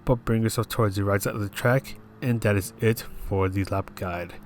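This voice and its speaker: A young man calmly talking through a racing game lap step by step, with a groggy morning voice. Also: fairly low pitch, moderate pace, a little hiss or hum. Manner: calm, steady step-by-step explaining. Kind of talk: instructional voice-over commentary.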